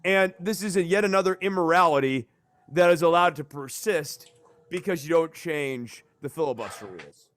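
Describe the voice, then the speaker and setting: A man hosting a casual political podcast, talking in a rambling, animated way and swearing for emphasis. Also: a little high, moderate pace, dry recording. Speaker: podcast host.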